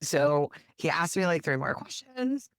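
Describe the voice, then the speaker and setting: A woman from New Jersey telling a story as an interview guest, lively, acting out the quotes with big jumps in her voice. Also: sits low, measured pace, dry recording, studio quality. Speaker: guest, animal rescue worker.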